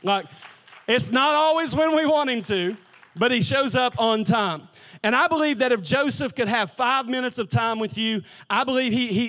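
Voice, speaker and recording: A man's voice: sits high, a bit bright. A man preaching a sermon in a conversational, emphatic way, often asking the congregation questions. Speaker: pastor.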